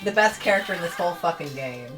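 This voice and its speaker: A woman co-hosting a retro game stream, chatting in an animated, jokey way. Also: on the low side, quick pace, over music, poor audio. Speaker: stream co-host. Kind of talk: casual let's-play commentary.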